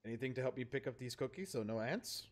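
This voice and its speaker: A man's voice: mid-range voice, expressive, fast talker, natural voice. A man voicing a big, jolly male troll ghost uncle in a put-on Russian accent, boisterous and doting. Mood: jovial.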